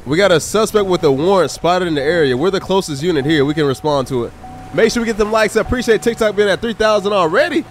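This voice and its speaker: With faint music in the background, a man streams a police game live, offering jokey commentary and thanking chatters. He talks fast in a high voice.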